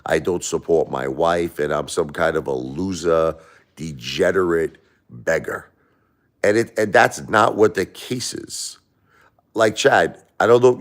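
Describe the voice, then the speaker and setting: Deep-voiced emphatic East Coast man. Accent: East Coast American. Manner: emphatic, repetitive, swings between loud protest and soft blessing. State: sick for a few days. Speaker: live stream host. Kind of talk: casual live stream chat. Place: at home by a Christmas tree.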